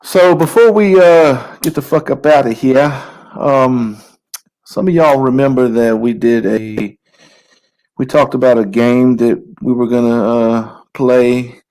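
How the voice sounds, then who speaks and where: A man's voice: medium pitch, a little slow, darkish tone. A man co-hosting a comedy show, telling profane, heated stories in a crude rant.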